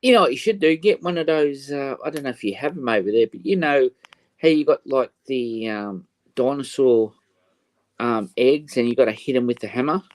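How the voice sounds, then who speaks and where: A man's voice: medium pitch, normal speed, no room sound. A man with an Australian accent, a father chatting and joking casually with friends. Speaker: parent, stream guest. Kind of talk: casual chat.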